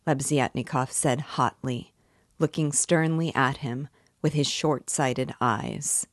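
A woman reads a classic novel aloud with a low, unhurried voice. Her delivery is measured and deliberate, and the recording is dry and close. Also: dry recording. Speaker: book club guide. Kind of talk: audiobook reading of a classic novel.

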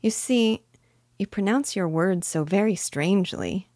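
A woman's voice: mid-range voice, unhurried, a little mellow, no echo, clean studio sound, voice pushed up, close to an everyday voice. A woman voicing a polite little girl. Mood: earnest. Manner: prim and polite.

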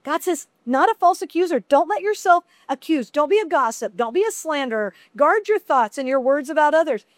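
A chatty middle-aged woman leading a women's Bible study, talking to the group like friends. Her voice sits high, and the recording is dry and close with no room sound. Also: moderate pace, hardly any pauses, dry recording. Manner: chatty, conversational, animated asides.

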